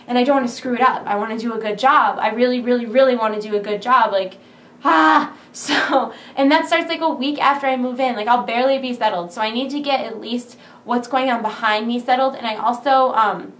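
A young woman vlogging casually from home, rambling with lots of "like", excited and nervous, recorded on her camera mic in a big empty room. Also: on the high side, a little fast, few pauses, echoey room. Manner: chatty, rambling, full of "like". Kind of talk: casual vlog chat. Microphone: camera's built-in mic.

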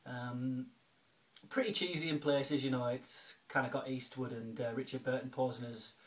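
A man's voice: mid-range voice, steady tone, moderate pace. A man chatting casually in a home vlog, thanking a friend and filling his talk with ums and restarts. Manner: chatty and grateful, lots of fillers and restarts. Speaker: video blogger, film collector.

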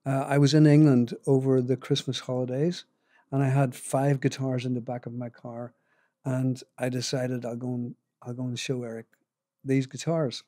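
An older man with a Northern Irish accent recounts stories in a modest, unhurried way, chuckling now and then. His voice is warm and mellow, and the recording is dry and close with no room sound around it. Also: medium pitch, little pitch movement, no echo. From Northern Ireland. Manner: modest, chuckling, rambling anecdotes with restarts. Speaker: guitar maker, podcast guest. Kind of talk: casual storytelling interview.

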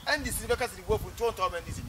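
A man with a Ghanaian accent pleading with supporters to campaign door to door, fast and insistent. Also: high voice, expressive, crowd noise. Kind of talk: rallying speech.

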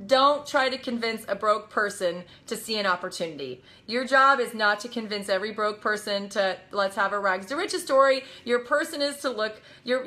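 Bright, high-voiced energetic woman coach. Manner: energetic, emphatic, acts out quotes with laughter. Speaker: network marketing coach. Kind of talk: live motivational talk.

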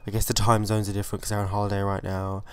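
A man hosting a let's play, giving chatty, excitable gameplay commentary and swearing freely. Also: on the low side, rapid-fire, clear, resonant tone.

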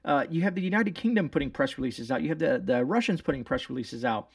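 A man's voice: a little high, animated, fast talker, gravelly, no echo, studio quality, far from the mic. A man hosting his channel, reading news articles aloud and commenting on them in a rambling, sarcastic way with many fillers and restarts. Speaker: channel host.

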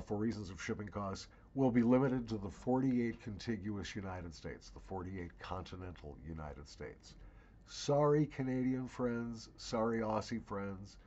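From his home basement, a middle-aged man who hosts his own channel announces a giveaway, chatty and wry, tossing in emphatic asides. His voice sits on the low side, darkish and slightly rough, and the sound is lo-fi.

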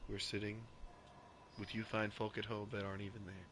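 A man streaming a game and chatting casually, ranting loudly with profane jokes. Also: fairly low pitch, little pitch movement, fairly quick, background noise. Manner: loud, ranting, profane joking. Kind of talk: casual gaming stream chat.

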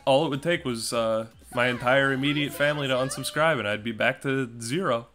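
A man's voice: medium pitch, a little fast, a bit bright, faint music behind. A young man giving casual commentary on a puzzle game he is playing, with playful, sarcastic trash talk aimed at his opponent. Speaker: gaming streamer.

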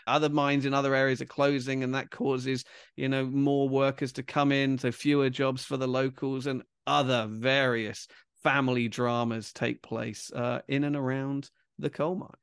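A man's voice: medium pitch, moderate pace, clear, resonant tone, no echo, clean studio sound. Man co-hosting a film review chat. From Britain. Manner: relaxed, conversational, with fillers. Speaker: podcast co-host.

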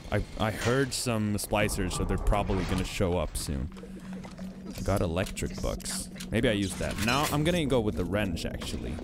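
A man giving casual gameplay commentary as host of a let's play, thinking aloud in a musing, halting way. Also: on the low side, sing-song, background noise. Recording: game music clearly behind.

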